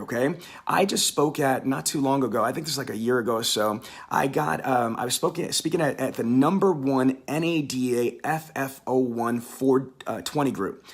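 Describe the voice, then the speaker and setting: A man's voice: mid-range voice, breathy edge. A male sales trainer coaching a live online audience in an emphatic, repetitive, hyped-up way with chatty slang asides.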